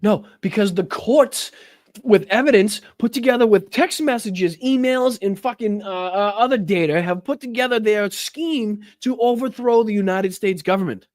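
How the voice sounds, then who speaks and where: Reading out clips and then tearing into them with plenty of swearing, this political commentator speaks in a high voice at a moderate pace. The recording is studio quality with no room sound.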